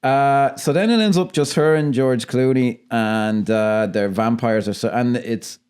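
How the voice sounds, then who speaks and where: A man's voice: mid-range voice, unhurried, a little mellow, clean tone. A man co-hosting a film podcast in casual chat, swearing a lot, laughing often and acting out lines from movies. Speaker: podcast co-host.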